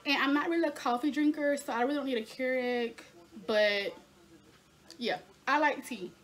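A woman's voice: high voice, moderate pace, a bit bright. A young woman chatting casually in a home haul video, talking to her viewers as y'all. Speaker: lifestyle vlogger.

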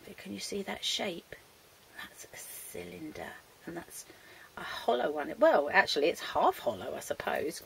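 A woman's voice: medium pitch, gravelly, a little hiss or hum. A woman teaching a young children's maths lesson, talking in a sing-song, coaxing way to the children and to a puppet. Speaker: early years maths teacher.

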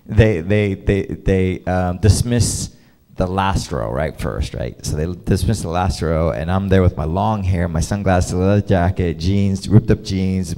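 Gravelly-voiced male preacher telling stories. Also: deep voice. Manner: animated, laughs often, many fillers. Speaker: pastor. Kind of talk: storytelling sermon.

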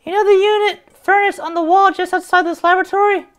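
A man voicing a petite, chirpy female lab assistant in falsetto. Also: flat delivery, fast, fairly bright tone.

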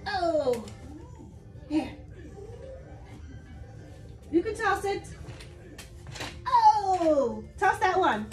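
A woman's voice: extremely high pitch, big pitch swings, extremely slow, pauses often, echoey room, soft background music. A mother coaching her young child through play, coaxing and encouraging him with short, repeated cheers. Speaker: mother vlogger.

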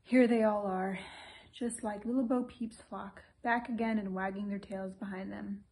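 A woman's voice: mid-range voice, steady tone, moderate pace, a little mellow, natural voice. A woman voicing a grumbling, fussy old English lord who complains plaintively in an audiobook reading.

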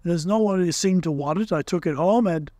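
A man's voice: high voice, fairly quick, mellow, dry recording, studio quality, close to an everyday voice. Owl, a man doing a pompous old owl. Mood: chatty. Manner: pompous, long-winded.

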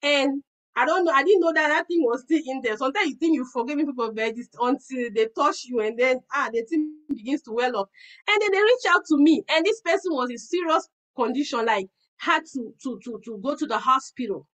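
A woman preaching to a women's fellowship, telling earnest personal stories in an animated way and often repeating words. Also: sits high, fairly quick, poor audio.

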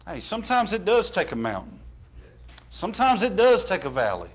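A pastor preaching a sermon, building from plain storytelling to impassioned shouting in a church. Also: male voice, sits high, huge pitch swings, moderate pace.

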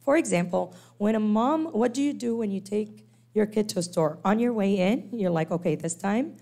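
A woman's voice: medium pitch, normal speed. A woman lecturing to church teachers on special needs kids, acting out parents and children as she explains. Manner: animated, acts out quoted parents and kids.

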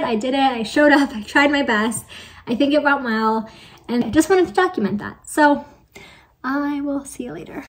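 A young woman teacher chatting excitedly in a casual vlog, with many "like"s. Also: sits high. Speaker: teacher and vlogger.

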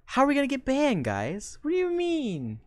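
A woman streaming a live reaction, talking to her chat, swearing casually and bursting into laughter and loud exclamations. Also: sits high, huge pitch swings, normal speed, no echo.

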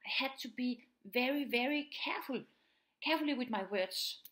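A woman's voice: sits high, normal speed, a bit bright. A woman teacher giving an earnest spoken presentation, explaining things plainly and acting out bits of quoted speech. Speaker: teacher of pupils with autism.

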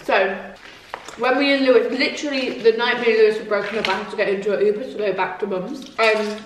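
A woman's voice: medium pitch, fairly even intonation, quick pace, a little hiss or hum. A woman in her twenties chatting casually and retelling a story with lots of "like". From England. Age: 20s. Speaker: vlog co-host. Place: home room. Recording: echoey room, mic at a distance.

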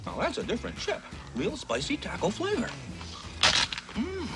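A performer playing an excited snack taster in a 1970s TV commercial, gushing with exaggerated delight. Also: high-pitched, normal speed. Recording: old TV ad with music behind.

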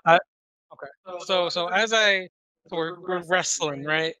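A player in an online tabletop game, eager and quick to laugh, asking about rules and rolls. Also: medium pitch, pushed and bright. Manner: eager, laughs often, asks rules questions.

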